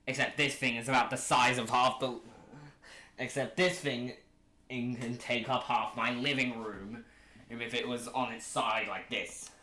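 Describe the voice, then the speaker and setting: Man, from Oceania, casual vlog chat, jokey, rambling, bright tone, echoey room. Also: medium pitch, steady tone, a little slow. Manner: rambling, jokey, self-correcting. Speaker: vlogger pitching a fan creature idea. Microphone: camera mic. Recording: echoey room with faint hiss.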